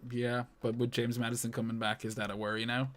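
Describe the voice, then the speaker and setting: A man's voice: medium pitch, flat delivery, fast talker, fairly bright tone. A man co-hosting a podcast in casual chat, laid-back, swearing freely and using lots of fillers. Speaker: podcast co-host.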